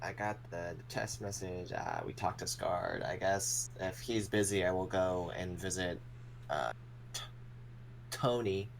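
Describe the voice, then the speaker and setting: Low-voiced joking man, tabletop player. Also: a little slow, gravelly, a little hiss or hum, poor audio. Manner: joking, playful. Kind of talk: casual chat during a tabletop game.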